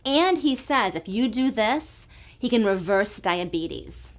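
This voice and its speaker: A woman's voice: on the high side, lively intonation, takes it slowly. A woman in her fifties, an enthusiastic, chatty clinic owner and educator talking to the camera and telling stories about her clients. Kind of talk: direct-to-camera talk.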